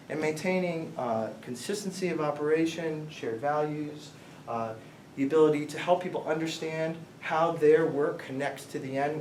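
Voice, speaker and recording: Rambling middle-aged man lecturing in an echoey room. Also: fairly high pitch. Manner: rambling storyteller, quizzes the audience. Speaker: guest speaker, company founder. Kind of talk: informal lecture to students. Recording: roomy, distant mic, faint noise.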